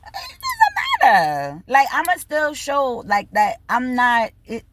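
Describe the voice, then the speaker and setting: A woman telling a story in a casual rant, animated and bubbly, swearing freely and acting out both sides of conversations, laughing now and then. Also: on the high side, takes it slowly, no room sound. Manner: bubbly, laughs between lines. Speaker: vlogger.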